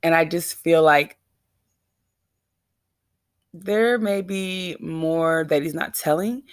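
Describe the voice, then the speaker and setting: A woman's voice: low-pitched, slow pace, dry recording, studio quality. A woman vlogger telling a rambling, anxious, self-questioning story straight to her viewers. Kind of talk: casual confessional storytelling.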